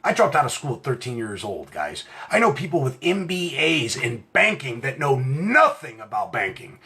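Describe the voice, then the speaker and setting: A middle-aged American man giving an impassioned, profane talk about rights, swinging from quiet asides to shouting. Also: mid-range voice, big pitch swings, normal speed. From United States. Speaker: self-styled legal rights speaker. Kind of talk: impassioned direct-to-camera rant.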